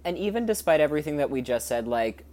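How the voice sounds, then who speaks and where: A woman co-hosting a podcast, recapping a TV episode in casual chat, hesitant with fillers and quick to laugh. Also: low-pitched, lively intonation, darkish tone. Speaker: podcast co-host.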